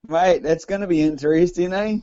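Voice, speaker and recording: A man's voice: sits high, a little fast, dark tone, no room sound, highs cut off. Chatty New Zealand man, dry studio sound. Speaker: radio co-host. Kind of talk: casual radio banter.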